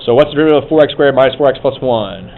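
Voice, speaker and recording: A man's voice: mid-range voice, animated, rapid-fire, narrow, tinny audio, slight background noise. A man teaching a math class, talking casually and thinking aloud as he coaxes students through problems. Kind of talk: classroom lecture.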